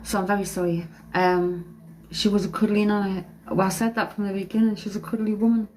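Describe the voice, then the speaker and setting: A woman working as a psychic medium on a live stream, tearful and emotional, talking in halting phrases broken by sighs. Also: mid-range voice, level tone, darkish tone, a little hiss or hum, rough recording. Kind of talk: live-stream spirit reading. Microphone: phone or webcam on a live stream.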